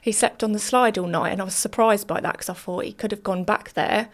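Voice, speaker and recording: A woman's voice: mid-range voice, fairly quick. A woman, a podcast guest telling her story candidly in long run-on sentences full of fillers.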